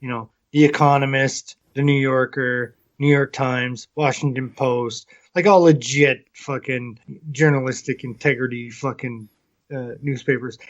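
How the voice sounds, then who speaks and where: A man's voice: medium pitch, measured pace. A Canadian man co-hosting a podcast, ranting in casual, profanity-heavy chat. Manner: animated, swears constantly. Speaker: podcast co-host. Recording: slightly muffled lo-fi audio.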